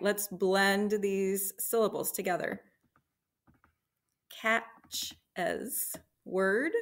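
A woman teacher leading a slow, encouraging phonics lesson for young children, sounding out letters and blending words. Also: medium pitch, a bit bright.

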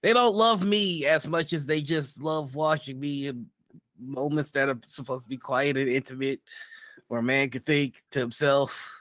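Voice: mid-range voice, steady tone, moderate pace, fairly bright tone, dry recording, natural voice. A player voicing a shifty male henchman who is flustered and evasive when caught sneaking.

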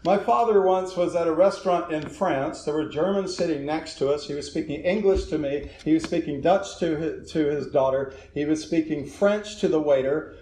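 A man's voice: on the high side, dark tone. A man giving a lecture in an auditorium, telling anecdotes and chuckling at his own stories. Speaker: guest lecturer. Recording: echoey auditorium with faint noise.

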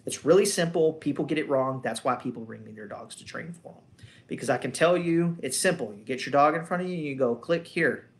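A man's voice: medium pitch, brisk. A man, a dog trainer, explaining training in a loose, conversational way, wandering between points and posing rhetorical questions. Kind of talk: casual instructional talk.

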